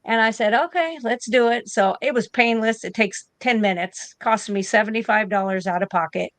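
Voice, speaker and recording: A nurse in her fifties from the United States, a guest on an interview, speaks at a somewhat high pitch and normal speed with a slightly bright tone and no echo. She tells a story casually, acting out both sides of every conversation.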